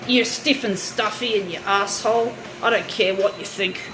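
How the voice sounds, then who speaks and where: A woman's voice: medium pitch, fairly even intonation, normal speed, noisy background. A woman ranting and swearing angrily while she films a product demo on her phone, half-laughing at times. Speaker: vlogger.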